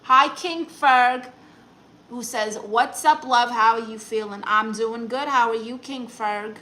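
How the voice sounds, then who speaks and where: Brash Brooklyn woman, bright forceful tone, a bit high, sassy comic live-stream banter. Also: fairly even intonation, slow. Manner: brassy, sassy, teasing banter. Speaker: comedian reading live chat comments. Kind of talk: live-stream chat in a sassy aunt persona.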